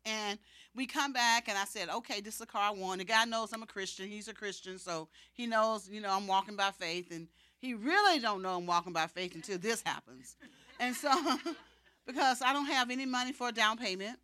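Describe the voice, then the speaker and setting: Lively woman telling a faith testimony. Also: medium pitch, brisk. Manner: animated, laughs often, acts out dialogue. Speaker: speaker giving a faith testimony. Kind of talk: storytelling testimony to a congregation.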